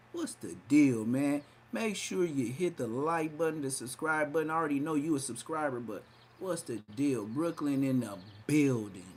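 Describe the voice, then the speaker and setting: A brash man hosting a live podcast, roasting his target with mocking commentary. His voice sits a little high and he keeps slipping into hyped, exaggerated voices as he riffs. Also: expressive, unhurried, slightly rough. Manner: brash, mocking trash talk. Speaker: podcast host. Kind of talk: livestream commentary.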